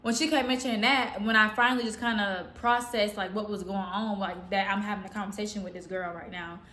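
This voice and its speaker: Slangy woman storyteller, bright roomy voice. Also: medium pitch, a little fast. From Southern US. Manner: slangy, rambling, animated quotes. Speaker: storytime vlogger. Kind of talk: casual storytelling. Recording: roomy echo.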